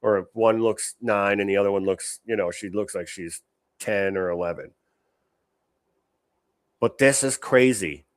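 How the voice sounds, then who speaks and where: A man's voice: fairly low pitch, unhurried, long pauses, no echo. A man hosting a show, giving blunt, opinionated reaction commentary on clips, swearing often and restarting his sentences.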